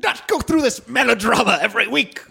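A man voicing a fussy, high-strung grown son who works as a radio psychiatrist, in a comedy improv scene. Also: animated, a little fast, gravelly, pushed and bright, slightly rough, exaggerated voice. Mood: exasperated. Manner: shrill, exasperated.

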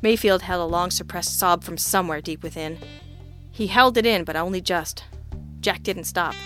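A woman's voice: lowish voice, moderate pace, a bit bright, faint music behind. A woman narrating a first-person audiobook with a wry, sardonic delivery.

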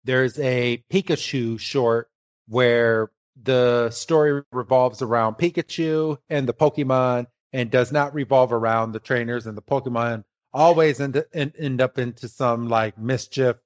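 A man's voice: medium pitch, steady tone, unhurried, dry recording, highs cut off. A man hosting a casual podcast, joking around and laughing easily with his co-host. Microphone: remote call line.

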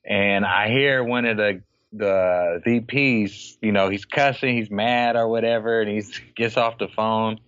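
A man from Oakland, a podcast guest, telling stories in casual chat, animated, laughing often and acting out other people's lines. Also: fairly low pitch, unhurried, smooth, dry recording. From Oakland, California. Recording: dry, slightly dull lo-fi podcast audio.

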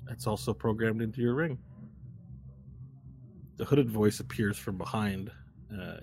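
Guy running a tabletop rpg, lowish voice, laid back, describes stuff with lots of ums. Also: measured pace, pauses often. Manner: casual, descriptive, hesitant fillers. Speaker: game master. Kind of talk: narrating a tabletop game.

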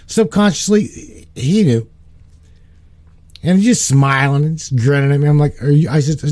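Animated man with a mellow, dry voice. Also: mid-range voice, measured pace, no echo. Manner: animated, repeats words, acts out quoted dialogue. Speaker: guest telling of spiritual work. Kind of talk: casual storytelling chat.

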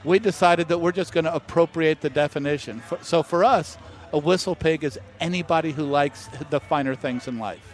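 Animated middle-aged man telling stories. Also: a little high, fairly quick, hardly any pauses. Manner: animated anecdote-teller who acts out quoted voices. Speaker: master distiller guest. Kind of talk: casual storytelling interview.

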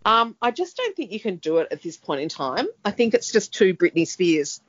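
A woman's voice: medium pitch, big pitch swings, normal speed, husky. Rambling chatty woman, lo-fi. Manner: chatty, rambling, many fillers. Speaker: podcast co-host. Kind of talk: casual chat. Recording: dull lo-fi sound.

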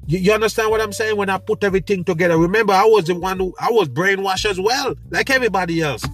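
A man hosting his own show, telling a story in an animated, preachy way with street slang. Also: high-pitched, quick pace, soft background music. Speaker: podcast host. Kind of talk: casual monologue.

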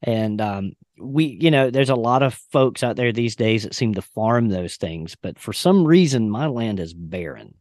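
A man's voice: lowish voice, lively intonation, moderate pace, few pauses, darkish tone, dry recording. A man in his thirties hosting a podcast, casual, folksy and easygoing, with jokes mixed into the chat. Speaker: podcast host.

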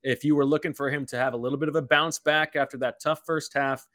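A man giving football color commentary in a dry, close-sounding voice at a middle pitch. He is opinionated and emphatic, and he gets worked up whenever he disagrees with the officials. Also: steady tone, fast, a bit bright, no echo. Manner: opinionated and emphatic, getting fired up about calls.

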